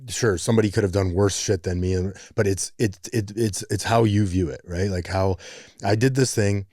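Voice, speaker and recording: A man's voice: fairly low pitch, steady tone, normal speed, darkish tone, no room sound, clean studio sound. A man hosting a recovery podcast, musing thoughtfully and checking in with "right?" as he talks. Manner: thoughtful, rambling, peppered with "right?". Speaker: podcast host. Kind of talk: conversational interview.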